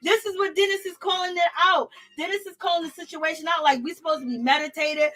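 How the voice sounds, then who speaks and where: A woman hosts a casual reality-TV review, talking in a loose, gossipy way and laughing often. Her voice sits high. She keeps her tone animated and chatty throughout. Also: fast talker. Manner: animated, gossipy, laughs often, African American Vernacular phrasing. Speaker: reality TV reviewer and channel host. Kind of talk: casual commentary, live-chat shoutouts.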